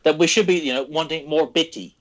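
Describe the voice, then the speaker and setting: A man's voice: a little high, fairly quick, a crowd in the background. A man co-hosting a podcast over a video call, venting with crude sarcasm. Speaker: podcast co-host. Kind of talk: ranting casual chat.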